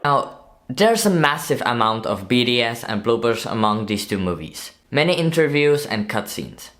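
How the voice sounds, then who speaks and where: A man's voice: medium pitch, very animated, normal speed, a bit bright. A man narrating a movie breakdown video in a casual, chatty way, often asking viewers to comment and laughing at his own slips.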